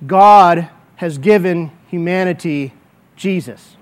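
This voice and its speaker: High-voiced preacher, man, emphatic. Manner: emphatic, slows down to stress key words. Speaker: pastor. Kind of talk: sermon.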